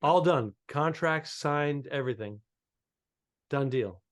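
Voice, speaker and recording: A man's voice: on the high side, slow. A man co-hosting a comedy podcast, telling rambling anecdotes full of restarts and quoted dialogue. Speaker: podcast co-host. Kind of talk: casual comedic chat.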